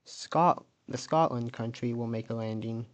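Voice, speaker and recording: A man narrates his alternate-history map video in a loose, conversational way, pausing often and thinking aloud. His voice sits at an ordinary mid pitch and his delivery is slow and unhurried, and he stops to question odd details or correct himself before carrying on. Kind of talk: casual narrated map commentary.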